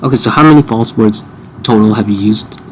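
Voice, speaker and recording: A fairly low-pitched man talking casually, often stopping and restarting his sentences. He needles with a dry, sarcastic edge, with faint background noise in the room. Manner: halting, repeats himself, dry sarcasm. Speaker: user questioning an AI assistant. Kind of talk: casual chat.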